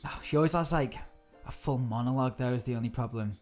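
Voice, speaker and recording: A woman chatting through a live gameplay stream, easily startled and quick to laugh. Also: very deep voice, darkish tone, faint music behind. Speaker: game streamer.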